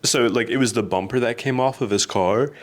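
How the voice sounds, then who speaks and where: A man with a medium-pitched voice co-hosts a podcast, talking a little fast as he tells stories in a casual, animated manner. He laughs often throughout the chat.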